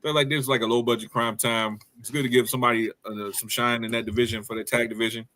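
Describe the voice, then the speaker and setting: A man's voice: mid-range voice, little pitch movement, quick pace, sharp tone. A man co-hosting a casual wrestling review podcast, rambling and slangy with lots of fillers. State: hiccups. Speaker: podcast co-host.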